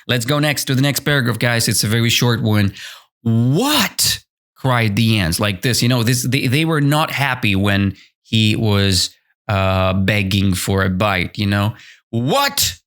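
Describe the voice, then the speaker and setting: A man whose first language is Russian, hosting an English-learning podcast and chatting his way through a storybook lesson with animated, self-correcting explanations. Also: on the low side, normal speed. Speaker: English teacher, podcast host.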